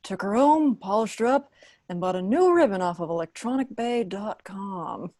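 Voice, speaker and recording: A woman reading the part of a gruff, deadpan male boss, speaking in a clipped way. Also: mid-range voice, normal speed, no echo, studio quality.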